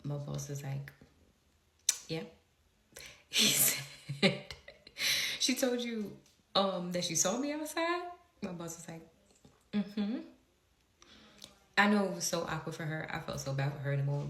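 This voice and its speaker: A woman's voice: deep voice, fairly bright tone, roomy sound. A young woman telling a story in a casual way, blunt and profane, laughing often and acting out what others said.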